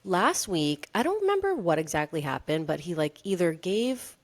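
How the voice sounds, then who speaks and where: A woman's voice: fairly low pitch, very animated, moderate pace. A woman in her thirties co-hosting a podcast, telling a story in a chatty way with lots of fillers. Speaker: podcast co-host. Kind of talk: casual chat.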